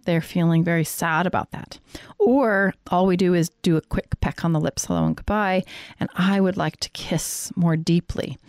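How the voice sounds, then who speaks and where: A woman's voice: fairly low pitch, a little mellow, no echo, clean studio sound. A woman counselor giving earnest, direct coaching to couples in a faith-based teaching talk.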